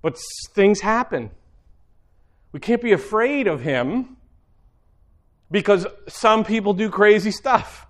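A man with a fairly high, slightly bright voice delivers a sermon to a church congregation in a relaxed, conversational style. He's animated, repeating key phrases and slipping into quick asides.

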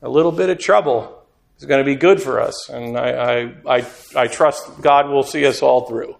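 A man's voice: medium pitch, normal speed, gravelly. A male preacher giving a sermon in an earnest, conversational way, sometimes acting out quotes. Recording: echoey room.

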